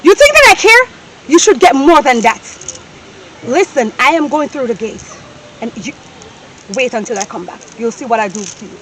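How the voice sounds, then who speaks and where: A woman with a Jamaican accent playing a domineering, scornful wife who scolds her husband and her maid, often breaking into shouts. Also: extremely high pitch, very animated, normal speed, a little hiss or hum, heavily acted, low-quality recording. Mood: contemptuous. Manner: scolding, cutting, bursts into shouts. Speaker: actor in a Jamaican stage-style movie.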